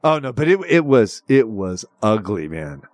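A man's voice: lowish voice, sing-song, normal speed, a little mellow, dry recording, clean studio sound. A man hosting a sports talk show with a Southern American accent, ranting and teasing in casual banter. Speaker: sports radio host.

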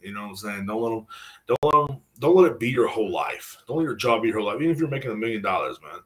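Profane, rambling American man, lowish voice. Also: very animated, rapid-fire, rough recording. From United States. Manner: profane, rambling rant full of "you know what I'm saying". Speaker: podcast host. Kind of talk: casual solo podcast monologue.

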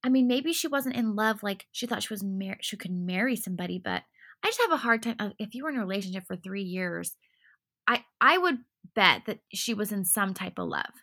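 A woman's voice: mid-range voice, animated, brisk, sharp tone. A woman chatting casually and animatedly, full of fillers, recapping episodes with a co-host. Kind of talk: casual chat recapping a dating show.

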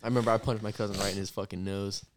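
A man's voice: on the low side, little pitch movement, slight background noise. A young man, a guest on a friends' podcast, throwing in joking remarks and short stories of his own. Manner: joking, quick interjections. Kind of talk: casual chat among friends.

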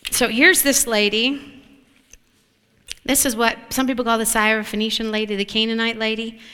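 A woman preaching a sermon in an animated way, often asking the listeners whether they agree. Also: fairly high pitch, moderate pace, smooth. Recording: long hall reverb.

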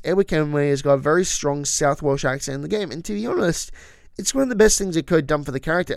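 Guy rambling thru geeky trivia on his podcast, kinda high smooth voice, dry close mic. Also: dry recording. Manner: chatty, opinionated, with frequent asides. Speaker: podcast host. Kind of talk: casual monologue of trivia.

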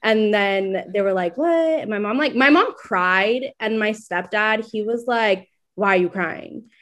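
A woman's voice: mid-range voice, a little slow. A young woman in casual chat, telling a personal story, acting out what others said and laughing often. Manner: animated storytelling, acts out quotes, laughs often. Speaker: guest sharing a coming-out story.

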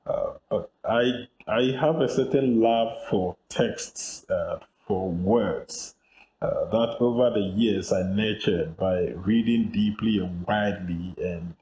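Ghanaian man in his fifties, very low voice, roomy office echo, measured and reflective guest. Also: darkish tone, a little hiss or hum. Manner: measured, reflective, with frequent fillers. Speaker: guest journalist. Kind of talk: interview over a remote call.

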